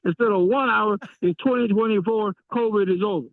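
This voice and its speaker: A man's voice: sits high, fairly quick, vocal fry, no echo. A man from San Francisco calling in to a radio show, chatty and enthusiastic. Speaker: caller. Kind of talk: call-in radio talk. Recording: tinny phone line.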